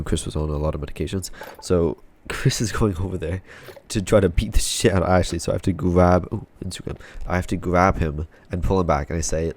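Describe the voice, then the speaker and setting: A man's voice: low-pitched, darkish tone, slight background noise. A young man telling a personal story in a rambling, frustrated way, swearing often. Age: young adult.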